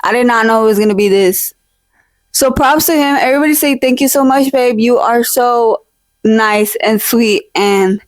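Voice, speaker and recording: A young woman chats casually into a close mic at home, rambling with lots of fillers and playful fake-outs. Her voice sits a little high. The sound is dry, with almost no room echo. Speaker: vlogger. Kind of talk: casual chat. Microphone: own desk mic, held close.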